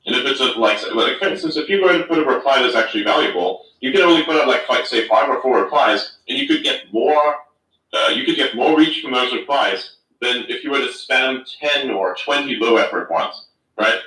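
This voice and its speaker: Male host of an online chat, loose, profane, rambling delivery; bright tone, roomy distant audio. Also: mid-range voice, expressive, a little fast. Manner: rambling, swears, many fillers. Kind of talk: casual chat.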